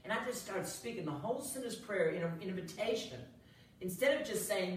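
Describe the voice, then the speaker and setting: A woman evangelist telling a testimony with energy and humor, swinging from hushed to loud, heard from a distance in an echoey room. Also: mid-range voice, lively intonation, brisk. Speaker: evangelist guest. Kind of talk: storytelling testimony.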